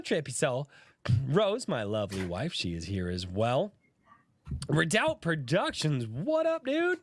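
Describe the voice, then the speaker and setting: A man's voice: a little high, wildly swooping pitch, takes it slowly. A man hosting a casual livestream podcast, sick with a sore throat and cough, greeting viewers by name and laughing through his coughing. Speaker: podcast host.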